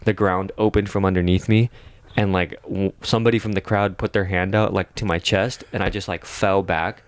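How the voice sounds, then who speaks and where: A man's voice: low-pitched, little pitch movement, moderate pace, clear, resonant tone, no room sound. A young man telling a long dream story on a podcast, rambling with lots of fillers and swearing. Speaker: podcast co-host. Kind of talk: casual storytelling.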